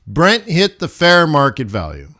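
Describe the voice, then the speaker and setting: A man's voice: on the high side, huge pitch swings, measured pace, bright, forceful tone. A man running a live forex trading lesson, talking casually and asking the viewers rhetorical questions as he goes over the charts.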